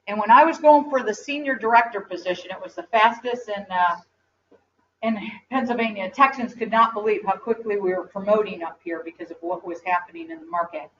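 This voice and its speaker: A woman's voice: mid-range voice, a little fast, a little hiss or hum. Distant woman giving a motivational talk. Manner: animated storyteller, asks the audience questions. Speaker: speaker at a company event. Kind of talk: motivational speech. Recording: distant, dull lo-fi live recording.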